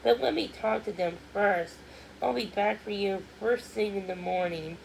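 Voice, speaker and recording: A woman voicing an eager young male fairy prince, speaking up in a raised, earnest, hurried way in her own middling voice. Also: mid-range voice, gravelly, a little hiss or hum, low-quality recording.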